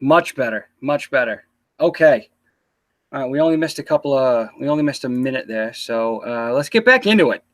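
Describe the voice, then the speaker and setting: A man's voice: medium pitch, lively intonation, a little fast, a bit bright, no echo. A man hosting a casual live-stream interview, teasing and joking with his guest. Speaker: host.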